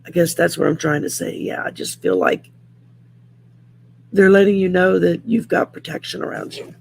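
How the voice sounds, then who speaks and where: A woman's voice: lowish voice, big pitch swings, normal speed, vocal fry, a little hiss or hum. A woman with a Southern accent hosting a casual livestream, reading oracle cards in a folksy, rambling way with many fillers. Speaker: host doing oracle card readings. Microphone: home setup by a window.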